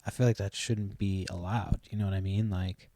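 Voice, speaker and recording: Here a young podcast host talks at a moderate pace in a low, dark voice with little pitch movement, recorded dry. His long story drifts loosely along, peppered with profanity and trailing "like" and "blah, blah."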